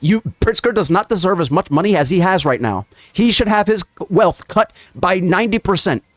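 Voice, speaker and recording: A man's voice: high voice, animated, normal speed, no echo. A man giving a heated, profane reaction commentary on political clips, ranting in a casual way.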